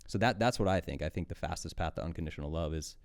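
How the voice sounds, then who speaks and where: Here the same kind of speaker, a thirtysomething coach guesting on a podcast, talks quickly in a voice that sits low. His monologue is candid, conversational and intense, with plenty of free swearing.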